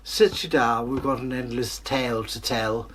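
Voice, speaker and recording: A pompous, airy king who drawls his words with lofty surprise, performed by a man. His voice sits higher and fuller than the teller's own, and he sounds grand, in a fairytale told aloud. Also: close to an everyday voice. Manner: haughty and drawn-out, raised pitch.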